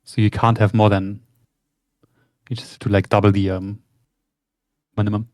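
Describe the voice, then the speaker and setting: A man's voice: fairly low pitch, flat delivery, moderate pace, a little mellow, no echo. A man joining a game stream with laid-back, dry remarks that sometimes trail off. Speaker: co-player on stream. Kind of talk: casual game chat.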